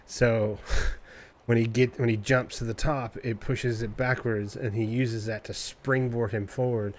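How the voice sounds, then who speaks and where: Animated man telling a casual story. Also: medium pitch, a little slow. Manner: animated storytelling, loose and profane, imitating cat noises. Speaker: streamer. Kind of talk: casual chat.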